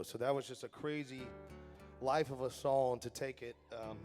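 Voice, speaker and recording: Laughing singer in an echoey theater. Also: male voice, mid-range voice, fairly quick, a little mellow. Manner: self-deprecating, laughing, loose storytelling. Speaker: country singer-songwriter performing live. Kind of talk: onstage banter and storytelling between songs. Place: theater stage at a live benefit show. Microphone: stage microphone. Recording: live theater hall echo with guitar.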